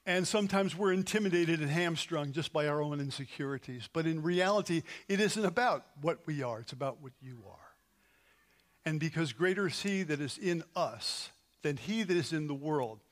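A man's voice: fairly high pitch, expressive, normal speed. A man, a pastor leading an earnest closing prayer in a church service, rising to emphatic peaks. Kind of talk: sermon prayer. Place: church sanctuary.

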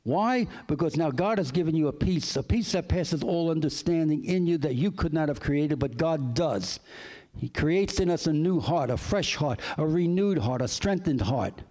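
A man's voice: fairly high pitch, lively intonation, moderate pace. A man preaching a sermon, earnest and emphatic, repeating his key phrases as he tells personal stories. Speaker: pastor. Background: soft guitar music.

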